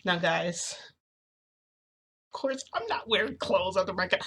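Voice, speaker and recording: A woman's voice: medium pitch, animated, unhurried, a bit bright, husky. A young woman telling a personal story to her viewers in a casual, rambling way, full of fillers. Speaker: vlogger.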